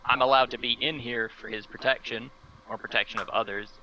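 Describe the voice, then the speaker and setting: Brief: man role-playing at the table, halting and stammery, piercingly bright tone, dull lo-fi audio. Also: steady tone, a little hiss or hum. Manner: hesitant, stammering, with sudden jumps in pitch. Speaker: player. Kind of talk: playing his character in a tabletop game.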